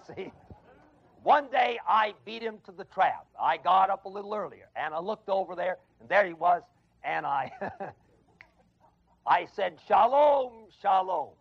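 Man, Bible teacher, evening class lecture, high gravelly voice, emphatic repetition, dull 1970s tape. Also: a little slow, pauses often. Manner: emphatic, repeats key phrases with stress; chuckles at his own stories. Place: evening adult education class at a college.

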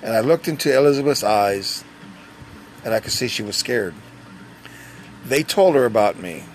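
A man telling a personal story in a casual, conversational way, pausing and restarting as he goes. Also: mid-range voice, animated, slight background noise. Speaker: dialysis patient.

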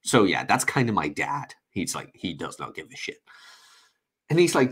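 Husky man telling lively stories. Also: deep voice, moderate pace. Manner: animated storytelling with quoted voices; loose, filler-heavy speech. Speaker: co-host reading viewer messages. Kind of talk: casual chat.

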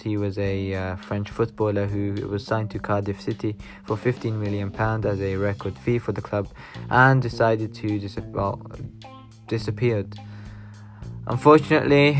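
A man reading news articles aloud, stopping often for sighing, halting asides. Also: fairly low pitch, gravelly. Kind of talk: casual news reaction.

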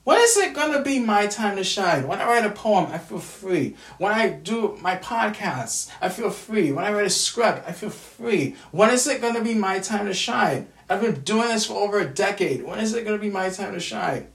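This is an emotional monologue to camera from someone hoping to write screenplays, who sounds drained and resentful and curses repeatedly. The medium-pitched voice is animated, at normal speed with few pauses. Recorded indoors at home, it has a roomy echo from a distant mic.

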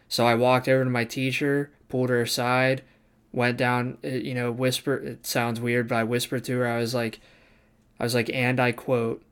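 Smooth-voiced young man telling a story. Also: mid-range voice, normal speed. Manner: animated, swears casually, acts out quoted people. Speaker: barber student. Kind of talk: casual storytelling vlog.

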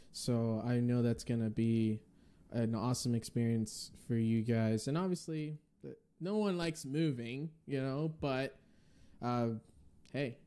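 Male podcast host from the Northeast, mellow tone, upbeat, faith-filled chat. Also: medium pitch. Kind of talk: casual podcast interview.

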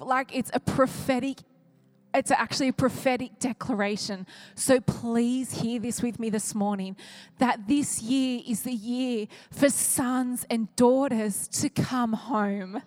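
High-voiced woman preaching earnestly. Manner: earnest, emphatic preaching with repeated phrases. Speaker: pastor. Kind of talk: sermon. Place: church.

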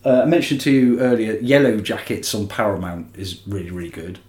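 A man's voice: fairly low pitch, steady tone, a little fast, darkish tone. A man co-hosting a podcast in casual chat, chatty and rambling, with plenty of restarts. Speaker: podcast co-host. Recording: roomy echo.

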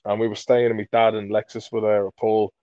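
A man from Merseyside, a comedy creator, telling rambling sweary anecdotes in a relaxed interview. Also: on the low side, brisk, no echo, muffled recording. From Merseyside, England. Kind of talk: casual storytelling in an interview.

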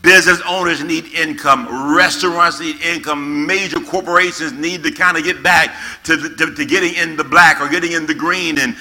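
Bright-voiced preaching man. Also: on the high side, steady tone. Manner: slow emphatic scripture reading, repeating key words. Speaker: pastor. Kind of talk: sermon to young people. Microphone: camera-facing, recorded for online viewers.

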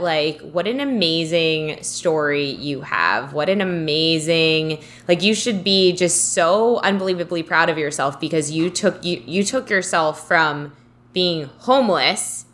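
A woman's voice: lowish voice, animated, measured pace, fairly bright tone. A woman co-hosting a casual podcast, talking about spiritual ideas in an encouraging way and often restarting her sentences. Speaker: podcast co-host.

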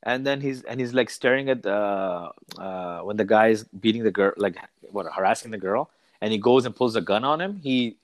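A man's voice: lowish voice, moderate pace, no echo. A man co-hosting a podcast, telling stories in casual chat and imitating the people in them. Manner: storytelling, mimics the people in his stories.

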